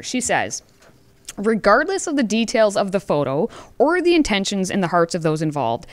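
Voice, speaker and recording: A woman co-hosting a podcast, recapping news stories in a measured way and reading out quotes. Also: medium pitch, no room sound. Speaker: podcast co-host.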